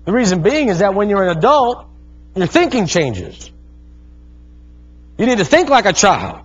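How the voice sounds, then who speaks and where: A high-pitched male pastor in his thirties delivers a fervent sermon. He calls out to the congregation and drifts into stories about his family. The recording sounds dull and lo-fi. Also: huge pitch swings, moderate pace, slightly rough.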